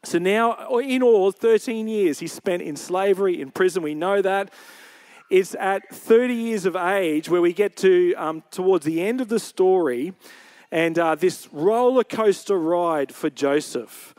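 A male pastor delivers a Sunday sermon, his voice sitting noticeably high. He tells the scripture story in plain, conversational words, as if walking his congregation through the scene. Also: measured pace, a little mellow. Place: church service.

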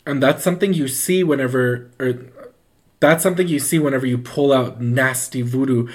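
Man telling a story casually, animated and rambling, acts out voices, mid-range pitch. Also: moderate pace. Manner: loose and rambling, full of "like".

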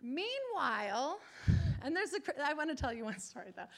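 A woman preacher telling a testimony in a sermon, animated, acting out the people she quotes. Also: high-pitched, normal speed, gravelly.

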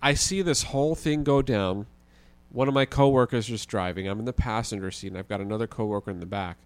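A man, a guest on a podcast, telling a story in a casual, animated way with the odd swear word. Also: on the low side, fairly quick, no echo. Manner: animated, vivid retelling with occasional swearing.

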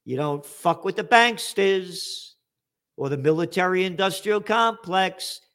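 A man in an angry, profane political rant. His voice sits a little high for a man and his delivery is slow and drawn out, building to sarcastic jabs and sudden shouted outbursts. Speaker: commentator.

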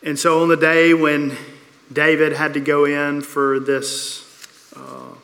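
A man preaching a sermon, telling a story with repeated phrases and dramatic pauses. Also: fairly high pitch, monotone, bright, forceful tone. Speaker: pastor. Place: church sanctuary. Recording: long reverb of a church hall.

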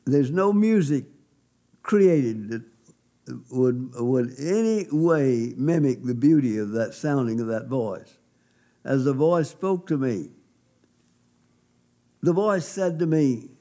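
A man's voice: mid-range voice, expressive, slow pace, pauses often, warm tone. Emphatic pastor telling his testimony. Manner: emphatic, folksy storytelling. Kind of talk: sermon testimony.

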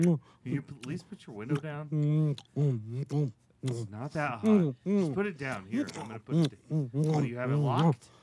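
An improv performer playing a fussy, exasperated adult driver who scolds a companion, swinging from whining to shrill outbursts. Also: dark tone, close to an everyday voice. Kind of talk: improvised comedy scene.

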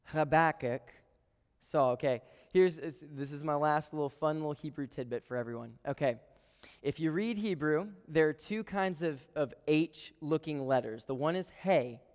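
A man preaching a sermon to a live congregation, conversational and playful, with quick asides to the room. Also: on the high side, darkish tone, clear, resonant tone. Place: church sanctuary with a live congregation. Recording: long reverb of a large hall.

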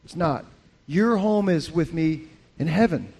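A man preaching as a pastor, talking in a lively, conversational way with frequent restarts. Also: a little high, a little slow, gravelly, slightly rough. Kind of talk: sermon.

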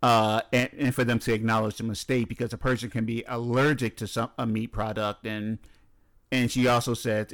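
A man's voice: mid-range voice, level tone, moderate pace, a bit bright. A man co-hosting a casual podcast, reading odd news stories aloud with blunt, teasing remarks and frequent laughter. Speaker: podcast co-host.

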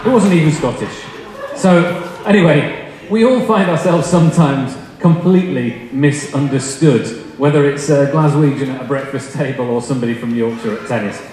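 In a mid-range, slightly mellow voice at normal speed, a young man preaches, first telling chatty, self-deprecating funny stories and then turning to the scripture. The sermon was recorded in an echoey hall, with long reverb and faint noise.

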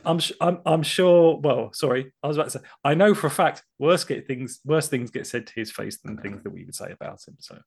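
A man's voice: fairly high pitch, brisk, gravelly, hardly any pauses, husky. A man co-hosting a podcast in casual, joking banter, often breaking off and restarting his sentences. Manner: chatty, banter-heavy, self-interrupting. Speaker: podcast co-host. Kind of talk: casual chat.

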